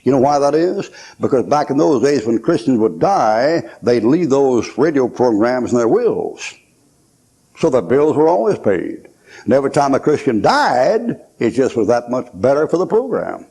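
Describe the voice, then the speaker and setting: Telling stories from his own life, an older man delivers a folksy sermon, giving quoted characters their own voices. He speaks at a moderate pace in a mid-range voice that is mellow, slightly rough and very animated.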